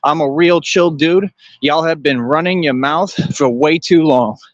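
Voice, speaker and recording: A man's voice: on the high side, measured pace, dry recording, dull audio. A man hosting a livestream, lecturing his viewers in a confrontational, repetitive rant. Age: adult. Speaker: livestream host.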